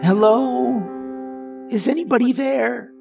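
A man's voice: extremely high pitch, takes it slowly, vocal fry, music in the background, voice pushed up, heavily acted. Man doing a terrified little trapped boy. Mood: pleading. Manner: trembling, crying, pleading. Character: frightened trapped boy, about nine.

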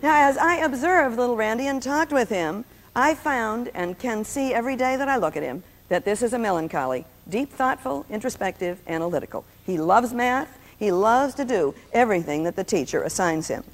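A woman's voice: fairly high pitch, lively intonation, moderate pace, few pauses. An older woman giving an anecdotal teaching talk, telling stories with humor. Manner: storytelling with humor. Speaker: Christian speaker teaching on personality types. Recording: long reverb, old VHS tape.

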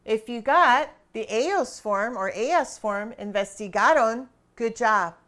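A woman teaching a grammar lesson, quizzing her students with questions and pauses and praising right answers. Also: on the high side, animated, a bit bright. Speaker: Spanish teacher.

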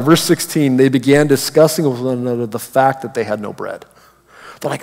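Animated male pastor in a reverberant hall. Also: fairly high pitch, moderate pace. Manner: animated, acts out voices of Bible figures. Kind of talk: sermon. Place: church hall.

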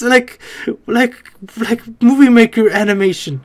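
A YouTuber reacting to an anime, with casual joking commentary and sudden excited outbursts. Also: medium pitch, a little fast, hardly any pauses, slight background noise.

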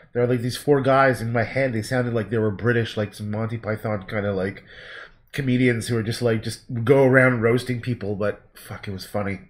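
A man talking casually on a livestream as he paints, rambling and laid-back, swearing now and then. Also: mid-range voice. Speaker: painter streaming his work.

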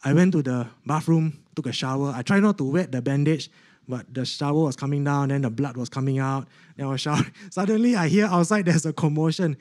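A man's voice: on the high side, a little fast, darkish tone. A man giving an emotional church testimony, often turning to the audience with "okay?" asides.

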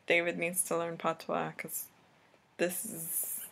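A Jamaican woman with a lowish, gravelly voice talks casually to the camera. She is chatty, laughs often, and tends to trail off mid-sentence as she explains. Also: completely flat delivery, takes it slowly, fairly bright tone, slight background noise. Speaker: vlogger teaching a lesson.

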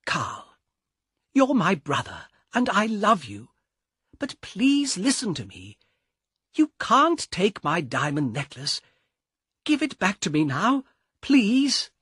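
A frightened young woman begs in a high, strained voice as a male narrator acts her out. She speaks slowly, with a husky edge. The sound is close and dry, like a storybook reading. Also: wildly swooping pitch, a bit bright, no echo, full character voice. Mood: pleading. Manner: high pleading put-on voice.

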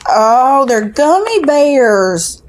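A woman's voice: high-pitched, big pitch swings, very slow, slight background noise. A woman chatting casually while tasting snacks and reading food facts aloud, sometimes with her mouth full. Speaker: co-host of snack tasting channel.

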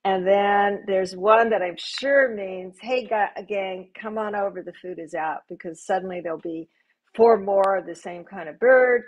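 An older woman speaking as a guest on a live panel, telling stories in a gentle, reflective, unhurried way. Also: medium pitch, slight background noise, low-quality recording.

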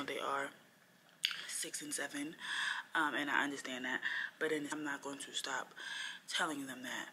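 A woman's voice: sits low, sharp tone, slight background noise. A young woman, a first-year teacher, talking through her week in a casual, reflective vlog chat, rambling a little with lots of fillers.

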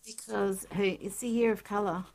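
A woman artist chatting casually to camera as she draws and shows her art supplies, excitable and talking to herself, sometimes dropping to a soft whisper. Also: medium pitch, normal speed, creaky. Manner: chatty, excitable, talks to herself while drawing. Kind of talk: casual art tutorial chat.

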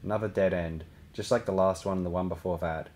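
A man reading a novel aloud as an audiobook narrator, in a steady, even way. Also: low voice, fast talker, slight background noise. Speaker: audiobook reader.

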